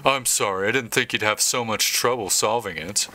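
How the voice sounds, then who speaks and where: A man's voice: lowish voice, pushed and bright. A man voicing a shy, earnest young man who stumbles over his feelings. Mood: bashful. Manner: halting, bashful delivery.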